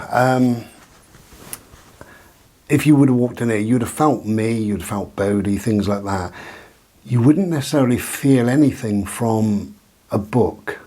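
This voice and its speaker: A man's voice: on the low side, warm tone, breathy edge. A man rambling at home about his new crystal in a hesitant, reflective monologue, with frequent ums. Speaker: vlogger. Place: living room of his bungalow.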